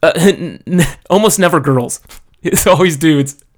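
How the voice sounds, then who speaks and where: A man's voice: a little high, unhurried. A man telling a story in a casual, profane rant, often checking in with "okay?" and "you know?". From foreigner living in Japan. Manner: profane, exasperated, peppers talk with "okay?". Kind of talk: casual ranting monologue.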